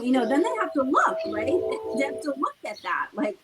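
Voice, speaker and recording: A woman's voice: high-pitched, huge pitch swings, normal speed, over loud music, poor audio. A woman co-hosting a talk show who explains her points conversationally and drives them home with rhetorical questions. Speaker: co-host. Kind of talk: casual motivational talk.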